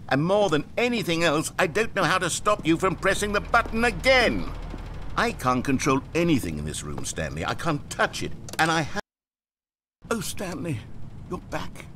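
A man's voice: medium pitch, fairly bright tone, slight background noise. A man voicing a weary, dramatic video game narrator who is trapped with the player and swings between pleading despair and scorn. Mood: relieved.

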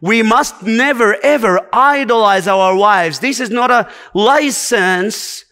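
A high-pitched man delivering a sermon at an unhurried, deliberate pace. He preaches earnestly, stacking short repeated commands to press each point home. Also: bright, forceful tone, smooth.

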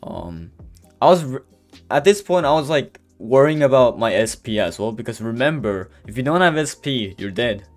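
With a sing-song, mid-range voice at normal speed, a gameplay commentator rambles through a casual voice-over recorded separately from the footage, faint music behind him. He stumbles openly with lots of fillers and restarts, remarking that he's stuttering and can barely get words out.

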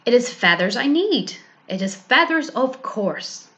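A woman's voice: a little high, sing-song, measured pace, bright, forceful tone, voice pushed up, full character voice. A woman voicing a childlike, eager little bear who is easily upset, in a children's storybook reading. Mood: excited. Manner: childlike and pleading.

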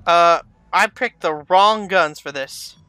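Crisp, bright gamer voice. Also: mid-range voice, takes it slowly, dry recording, faint music behind. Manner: steady, explains and directs. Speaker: co-op player. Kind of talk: casual game commentary.

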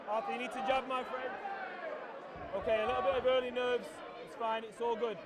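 Excitable man shouting ringside commentary. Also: extremely high pitch, fairly quick. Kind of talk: excited live fight commentary. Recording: loud crowd and noise at a boxing event.

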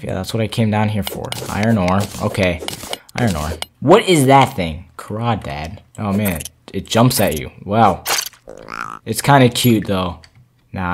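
A man giving casual, excitable commentary while playing a video game, gasping at finds and talking to his viewers. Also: fairly low pitch, slight background noise. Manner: excitable, gasps and exclaims at discoveries, chats to viewers. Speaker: gaming channel host.

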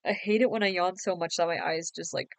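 A woman's voice: lowish voice, fast, vocal fry. A young woman chatting casually on a late-night game stream, giggly, teasing and sleepy. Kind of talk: casual live-stream chat.

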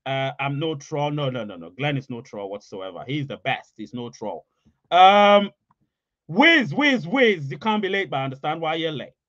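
A man's voice: a little high, sing-song, normal speed, fairly bright tone, no echo. A man hosting a casual livestream, reading viewer comments and repeating his points for emphasis. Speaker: livestream host. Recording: dry, slightly dull audio.

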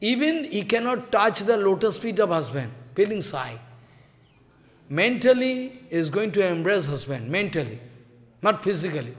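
A man giving a devotional sermon, telling a story slowly and chanting verses in between. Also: high voice, very animated, in a large hall. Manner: slow storytelling, repeating phrases, chanting verses. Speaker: spiritual teacher.

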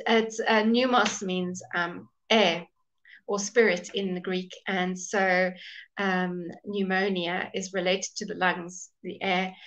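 A woman's voice: mid-range voice, highs cut off. A woman teaching a live online English pronunciation lesson, patiently modelling words and greeting viewers by name.

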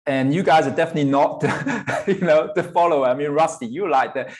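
A man's voice: fairly high pitch, fast. A man in his forties from Hong Kong, a guest guitarist in a casual interview, speaking candidly, swearing now and then and laughing between thoughts. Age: 40s.

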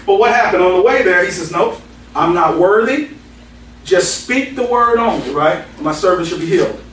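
A man's voice: sits high, expressive, moderate pace, fairly bright tone, a little hiss or hum. A man, a pastor, teaching the Bible verse by verse in a conversational way, quoting scripture and telling anecdotes. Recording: echoey hall, mic at a distance.

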